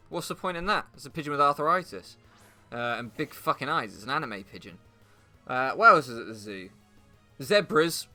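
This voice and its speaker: A man's voice: medium pitch, pushed and bright. A young British man giving crude, sarcastic, rambling commentary over gameplay. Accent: British English. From England. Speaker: gaming commentator. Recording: game music behind.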